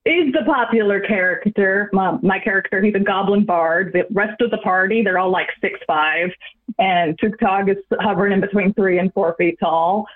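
A woman's voice: medium pitch, moderate pace. A woman calling in to a podcast, chatting casually and laughing at herself as she talks. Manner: laughing, self-deprecating. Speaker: caller. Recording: tinny phone line.

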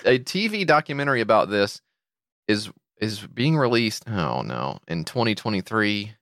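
A man with a low voice co-hosting a comedy podcast. His pitch jumps around a lot as he tosses in wry, sarcastic remarks. The sound is close and dry. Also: sing-song, normal speed, a bit bright, no room sound. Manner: sarcastic asides and wry commentary. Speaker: podcast co-host. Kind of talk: casual comedic banter.

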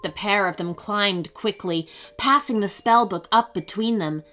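A woman narrating a children's storybook in an expressive, animated way. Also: medium pitch, unhurried, faint music behind.

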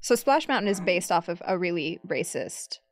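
A woman's voice: fairly low pitch, big pitch swings, moderate pace. A woman chatting casually on a podcast, candid and swearing freely. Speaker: podcast guest. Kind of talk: casual chat.

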